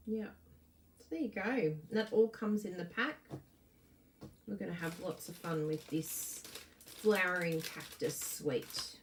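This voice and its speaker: A woman's voice: lowish voice, darkish tone, distant mic, a little hiss or hum, poor audio. A woman giving a live card-making demo, bubbly and gushing, chatting to viewers between steps.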